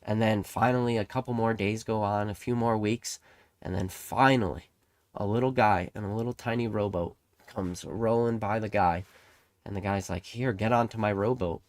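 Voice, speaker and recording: A young man with a fairly low voice gives a casual, rambling monologue as a trading card channel host. He gets emphatic, swears freely and slips into acted-out voices while telling stories. The sound is dry and close. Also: steady tone, moderate pace, darkish tone, no echo.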